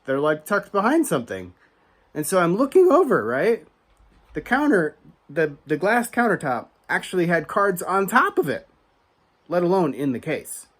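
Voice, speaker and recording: An American man with a high-pitched voice, speaking at normal speed, hosts a card collecting channel and spins a story into a rant. He stays chatty and animated with many asides and restarts, getting increasingly heated and emphatic.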